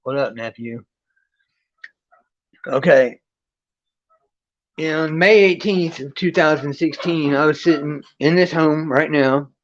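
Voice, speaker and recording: A man casually telling a personal spiritual story on a livestream, rambling with restarts and profanity, pausing to read and greet his chat. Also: on the high side, highs cut off. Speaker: livestream host. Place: his friend's home.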